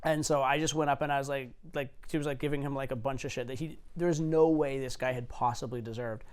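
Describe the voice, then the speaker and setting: A man's voice: medium pitch, steady tone, quick pace, clean tone. A man in his forties, a dating coach, telling stories casually, loose and profane with many fillers. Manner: swearing, filler-heavy, anecdotal. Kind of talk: casual storytelling.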